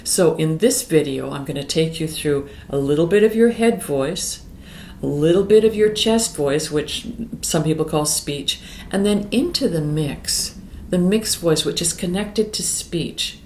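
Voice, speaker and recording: Middle-aged woman voice coach, lowish voice, talks you through warmups, roomy echo, piano behind. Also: a little slow, slight background noise. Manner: calm, explanatory, breaks into sung exercises. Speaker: vocal coach. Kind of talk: singing lesson with demonstrations. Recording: echoey room with piano.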